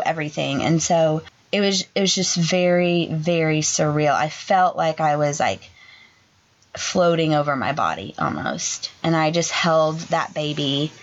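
A young adult woman, a podcast co-host, tells an emotional personal story in a halting way, full of "like" fillers. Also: deep voice. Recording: dull lo-fi sound.

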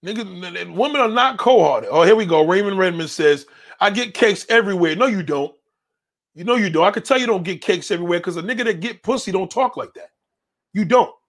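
A man's voice: sits high, animated, brisk. A man hosting a show, reading viewer comments and answering them in a blunt, confrontational rant full of swearing. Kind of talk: profane ranting commentary.

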